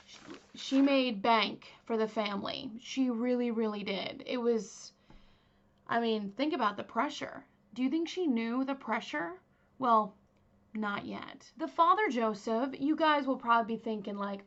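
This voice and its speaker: A woman's voice: on the high side, measured pace, a bit bright, lo-fi sound. A young woman casually telling a true crime story as host, chatty, with many fillers and asides to her viewers.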